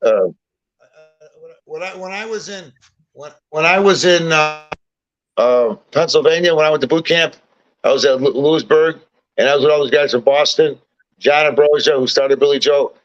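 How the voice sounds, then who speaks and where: Man, guest, fairly high voice, swears his way through rowdy stories, lo-fi recording. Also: normal speed, pauses often. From Chicago, USA. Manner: profane, animated anecdote-telling. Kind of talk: casual storytelling. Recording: dull lo-fi recording.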